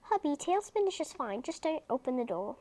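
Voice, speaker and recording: A woman's voice: high voice, very animated, brisk, dark tone. A woman voicing a strict mother in a children's storybook, with a firm, plain everyday voice. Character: strict mother of a young boy.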